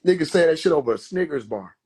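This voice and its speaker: A man talking casually on a phone livestream, animated and profane, laughing often and slipping into mock biblical voices. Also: on the high side, quick pace, breathy edge. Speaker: livestream host.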